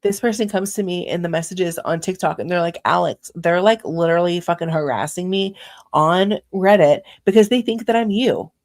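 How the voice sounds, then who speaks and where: A woman's voice: fairly low pitch, moderate pace, darkish tone. Heated woman ranting on a livestream. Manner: heated, profane, ranting at chat. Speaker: livestream host. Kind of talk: angry livestream rant.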